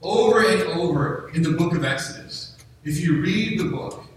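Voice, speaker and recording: A man preaching a sermon in a conversational way, slowing down to read scripture aloud. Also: high-pitched, lively intonation, a little hiss or hum. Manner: conversational, reads scripture slowly. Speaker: pastor. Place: church sanctuary. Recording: echoey hall, distant mic.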